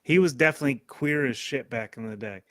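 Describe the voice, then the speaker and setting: A man's voice: mid-range voice, fast talker, a bit bright, dry recording. A man hosting a live stream, rambling in profane, casual commentary and talking to his chat. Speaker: streamer host.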